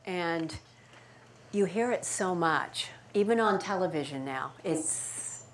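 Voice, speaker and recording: A woman voice coach answering audience questions at a talk, lively and playful as she demonstrates speech patterns. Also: lowish voice, slow pace. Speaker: speaker and voice coach. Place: event room with audience. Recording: echoey room, faint noise.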